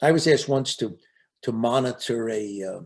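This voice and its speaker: An older man with a gravelly edge talks on spiritual life in an earnest storytelling way, his pitch rising and falling in a lively way. He often stumbles over a word as he starts a thought. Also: moderate pace. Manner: earnest, storytelling, repeats words when starting. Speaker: speaker on resilience and spiritual life. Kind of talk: reflective talk with anecdotes.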